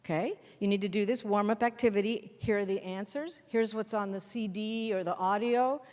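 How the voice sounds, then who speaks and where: A middle-aged woman, a textbook author, gives an animated workshop talk to teachers and keeps asking the audience questions and answering them herself. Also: mid-range voice, normal speed. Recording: hall reverb.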